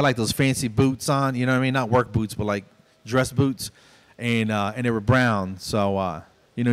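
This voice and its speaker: In a mid-range voice, a man in his fifties does stand-up in a small club, narrating stories and voicing both sides of each back-and-forth.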